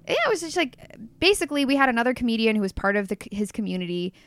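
A woman's voice: a little high, dry recording. A woman as a podcast guest, telling a candid personal story in casual chat. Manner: candid storytelling, quick and animated.

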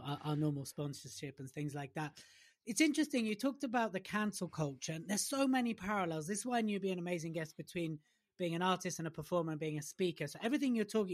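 Chatty male podcast host. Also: high voice. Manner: chatty, reflective. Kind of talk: casual interview talk.

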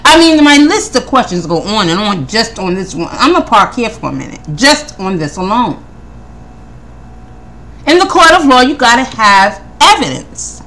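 A woman's voice: on the high side, slight background noise. A woman hosting a podcast, talking through her notes in casual commentary, firing off one pointed question after another and often repeating her words. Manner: animated, rapid-fire questioning, repeats words; preacherly Christian tone. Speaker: podcast host.

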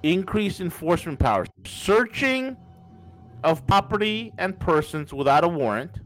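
A man hosting a political podcast, ranting angrily with profanity and repeating himself. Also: a little high. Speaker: podcast host. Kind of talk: angry political monologue.

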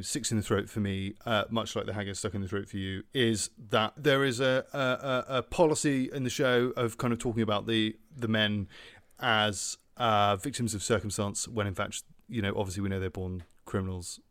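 A man hosting a spoof arts review show, delivering it in a deadpan, mock-serious presenter tone. He drops in frequent ums and uhs as he goes. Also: lowish voice, fairly quick. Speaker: host. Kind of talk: deadpan comedy review chat.

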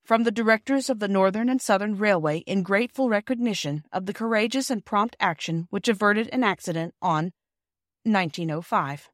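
A woman narrates a classic children's book in a gentle, steady storytelling voice at a mid pitch. The recording is close and dry, with no room sound at all. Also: a little fast, dry recording. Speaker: audiobook reader. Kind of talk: scripted narration.

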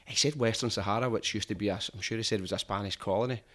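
A man's voice: lowish voice, racing, fairly bright tone. A man with a strong Glaswegian accent chatting casually on a podcast, swearing freely and rambling through anecdotes. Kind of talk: casual chat.

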